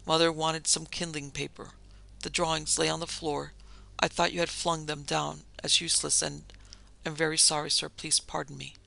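Man playing scared young boy, hushed, faltering, gravelly tone. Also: on the high side, level tone, moderate pace, heavily acted. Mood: whispering, apologetic. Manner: faltering, whispered, apologetic. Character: frightened young boy, about ten.

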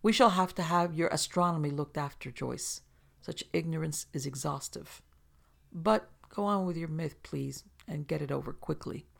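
A woman's voice: low-pitched, normal speed, gravelly, heavily acted. A woman reading aloud and voicing a severe, disapproving older society matron who speaks in a cold, reproving way.

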